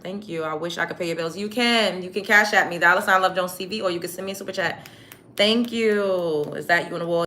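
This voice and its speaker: A young woman hosting a livestream reads chat comments aloud and answers commenters bluntly, profanely, and combatively. Her voice is lowish, brisk, pushed, and bright.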